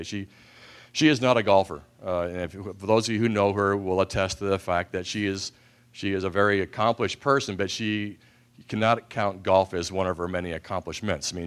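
A man with a fairly low voice tells funny stories to a live audience. He pokes fun at himself and slips into quick impressions of the people in his anecdotes. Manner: self-deprecating, acts out voices in anecdotes. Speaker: speaker at an event. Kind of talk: humorous storytelling speech to an audience.

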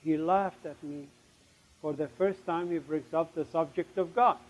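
A middle-aged man telling his testimony as a story. He speaks emphatically and acts out the remembered conversations, dropping suddenly to a hush at times. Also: fairly high pitch, measured pace. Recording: dull, lo-fi recording.

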